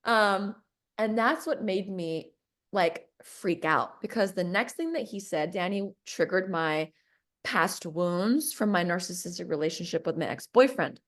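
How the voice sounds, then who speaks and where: A woman's voice: on the low side, lively intonation, measured pace. A woman telling a personal story in a casual podcast chat, reenacting conversations and laughing often.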